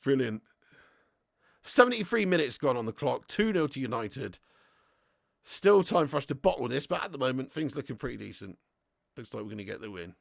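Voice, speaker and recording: A young British man hosting a live football watch-along, sweary and excitable, chatting with viewers and laughing often. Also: mid-range voice, fairly quick, creaky, no echo, studio quality.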